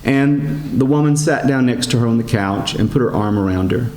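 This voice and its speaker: A man, a priest giving a sermon in a gentle storytelling manner, slowing down and rising in pitch for emphasis. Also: slight background noise. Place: church. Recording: echoey church sanctuary.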